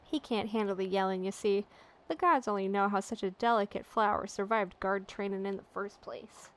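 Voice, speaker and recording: A woman's voice: medium pitch, normal speed, clear, resonant tone, natural voice. A woman voicing a mocking dockside captain from a game in a dry manner.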